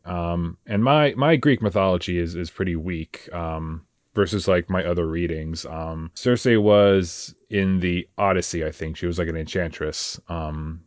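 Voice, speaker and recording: A very low-voiced man retelling a story on a podcast, stopping and restarting as he searches for words. His delivery is casual and unhurried. The recording is dry and close. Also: no echo. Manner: hesitant, lots of ums and restarts, summarizing a story. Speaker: podcast host. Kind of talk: casual chat.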